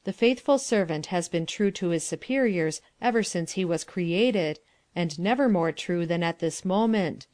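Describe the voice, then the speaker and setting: A woman's voice: fairly low pitch, animated, normal speed, darkish tone, dry recording. A woman reading stage directions aloud in a plain, matter-of-fact audiobook manner.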